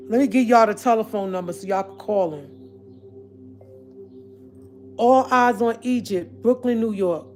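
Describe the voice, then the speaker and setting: A woman's voice: medium pitch, a little slow, pauses often, a little mellow, faint music behind. A woman speaking straight to her online audience in a casual, confrontational rant. She is emphatic and keeps repeating her points. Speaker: online commentator addressing viewers. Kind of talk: casual direct-to-camera rant.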